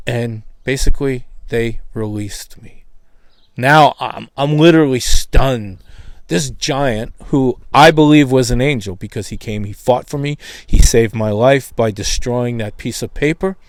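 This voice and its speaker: A middle-aged man giving a spoken testimony, telling his story in a lively way and acting out the voices of others. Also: medium pitch, measured pace, no room sound. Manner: animated, acts out quoted voices. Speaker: testimony speaker.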